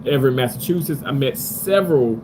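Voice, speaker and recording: A man's voice: mid-range voice, lively intonation, fairly quick, noisy background. A man on a live stream from a hotel room, talking loosely with his viewers and reading their comments aloud, full of fillers. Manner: loose, rambling, many fillers.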